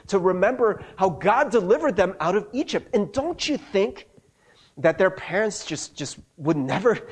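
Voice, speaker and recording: A man with a fairly high, husky voice delivers a sermon in a chatty, conversational manner. His pitch swings widely as he checks in with listeners and restarts his sentences. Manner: conversational, frequent rhetorical "right?" and restarts. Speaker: pastor.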